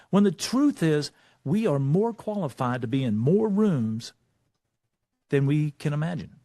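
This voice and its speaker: A man delivers a motivational talk at a leadership summit, his voice swinging up and down as he tells a personal story. His pitch sits in a middle range, and the sound is close and dry, with little room around it. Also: very animated, moderate pace, warm tone, no echo. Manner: emphatic, rising on key points, storytelling.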